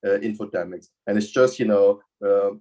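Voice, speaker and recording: A man presenting slides over a video call, speaking haltingly with frequent fillers. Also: on the low side, dark tone. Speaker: invited expert speaker. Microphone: computer microphone on a video call.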